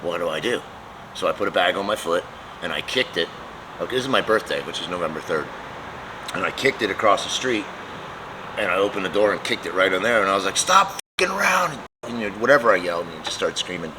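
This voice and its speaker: A man's voice: deep voice, fast, noisy background. A man who runs a custom motorcycle shop, telling a long story in casual chat, cursing often and laughing as he talks. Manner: profane, laughing, animated storyteller.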